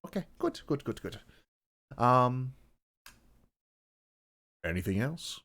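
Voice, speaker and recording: A man's voice: medium pitch, big pitch swings, takes it slowly, a bit bright. Rambling dry-humored male podcaster. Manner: rambling, dry, self-deprecating, many fillers. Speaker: podcast host. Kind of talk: casual podcast chat.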